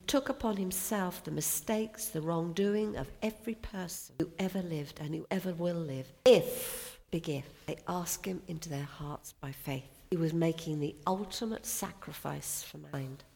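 A woman's voice: lowish voice, moderate pace, creaky, few pauses, darkish tone. A woman preaching a sermon with emphatic, sharply rising and falling delivery. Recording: long hall reverb.

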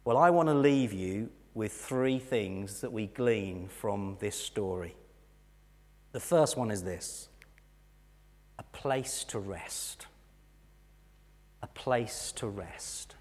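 A man's voice: lowish voice, expressive, slow pace, long pauses. Earnest preaching man in a reverberant church. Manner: earnest, builds to a raised preaching voice. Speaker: pastor. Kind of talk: sermon. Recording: long reverb of a church hall.

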